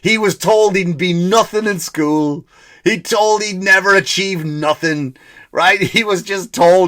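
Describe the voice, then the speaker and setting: Podcast host, male, fairly high voice, sarcastic profane rant, comedic monologue. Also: measured pace, a bit bright.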